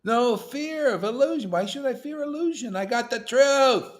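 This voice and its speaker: A man leading a gathering of devotees, preaching in a loose, slangy, teasing way, with his voice swinging from loud bursts to quiet asides. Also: expressive, moderate pace. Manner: emphatic and slangy, with swings in loudness and pitch; teasing, playful jokes between serious points. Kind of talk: informal preaching to a small group.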